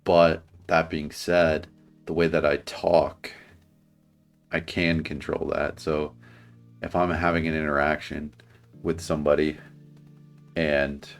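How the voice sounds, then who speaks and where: A man's voice: very deep voice, level tone, takes it slowly, gravelly, pauses often, soft background music. A man with a slight lisp giving casual dating advice in a reaction commentary, earnest and rambling with frequent restarts.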